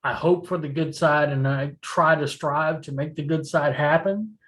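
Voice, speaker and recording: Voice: medium pitch, moderate pace, low-quality recording. A podcast co-host chatting casually, telling stories with lots of laughter and swearing. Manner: animated storyteller, profane, laughs while telling. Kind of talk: casual chat.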